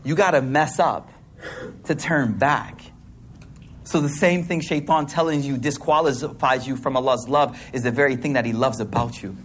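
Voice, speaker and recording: A man's voice: medium pitch, moderate pace, slight background noise. A man giving a sermon to an audience in a hall, mixing casual slang with religious teaching and acting out voices. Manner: casual slang-filled preaching, animated voices. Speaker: preacher.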